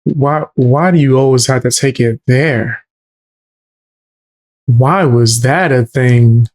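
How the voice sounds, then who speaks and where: A man's voice: mid-range voice, slow pace, darkish tone. A man co-hosting a stream, laid-back and agreeing in casual chat. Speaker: co-host.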